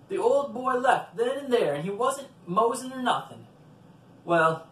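A man reading a folktale aloud in an expressive storytelling manner. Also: high-pitched, a little hiss or hum. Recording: roomy, from a distant mic.

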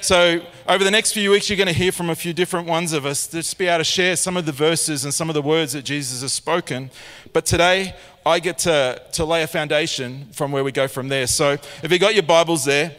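A man with an Australian accent preaching a sermon in a church, a lively storyteller who acts out his scenes. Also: on the high side. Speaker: pastor. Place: large church auditorium. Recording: long church hall reverb.

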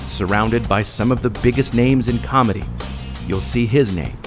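A man giving measured, scripted documentary narration. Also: medium pitch, music in the background. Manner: measured, reportorial.

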